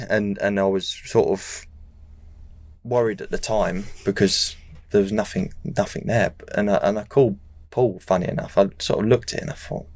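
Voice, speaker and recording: A young man, telling his story in a relaxed, rambling way full of restarts and fillers, as a podcast guest. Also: sits low, no echo. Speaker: guest racing rider. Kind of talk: casual interview chat.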